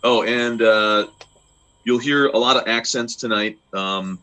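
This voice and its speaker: A man's voice: mid-range voice, fairly even intonation, unhurried, pushed and bright. A man running a tabletop game as game master, narrating and explaining in a loose, chatty way with many fillers and restarts.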